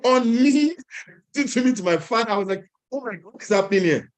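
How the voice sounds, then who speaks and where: Young man telling an animated story. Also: high-pitched, quick pace. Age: young adult. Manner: animated, chuckling, acts out other people's lines. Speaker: speaker at an entrepreneurs' event. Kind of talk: personal storytelling talk.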